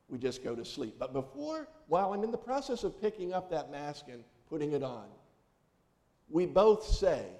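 A man's voice: mid-range voice, darkish tone. A man preaching a conversational sermon, telling homely, humorous stories and putting questions to the congregation. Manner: folksy, humorous storytelling, asks the congregation questions. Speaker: pastor. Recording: long reverb of a large hall.

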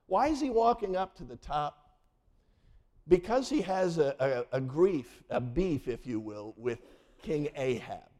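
An older man preaching a sermon, telling a story and lending voices to the people in it. His voice sits a little high and has a soft, mellow tone. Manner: storytelling, acting out voices of family in the tale. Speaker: pastor.

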